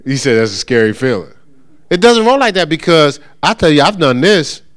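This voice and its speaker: A middle-aged man teaching a church congregation in a relaxed, conversational way, acting out the voices of churchgoers and checking in with his listeners. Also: a little high, moderate pace. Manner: animated, acts out voices of churchgoers and callers; conversational with frequent check-ins. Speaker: pastor teaching. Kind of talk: informal church teaching talk.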